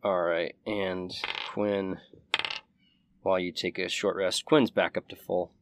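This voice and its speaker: A man's voice: sits low, level tone, slow, noisy background. A man narrating a tabletop game as game master, casual and hesitant, with many fillers.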